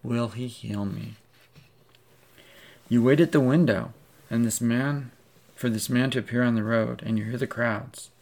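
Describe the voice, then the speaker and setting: A man's voice: medium pitch, fairly even intonation, moderate pace, a little mellow. A man preaching a sermon, retelling a story vividly in the second person as a preacher.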